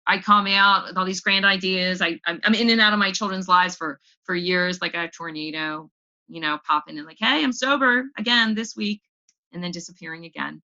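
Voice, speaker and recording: A young woman tells her own story of recovery at a meeting, candid and raw, sometimes stumbling over repeated words. Her voice sits slightly low in pitch but has a bright, forceful edge. The recording is dull and lo-fi. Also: flat delivery, fairly quick. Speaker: AA speaker sharing her story. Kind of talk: personal recovery testimony.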